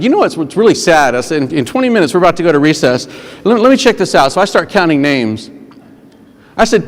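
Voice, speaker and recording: A man giving a humorous storytelling keynote speech, animated and acting out the voices he quotes. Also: fairly high pitch. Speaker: conference keynote speaker. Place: large conference hall. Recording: long reverb of a large hall.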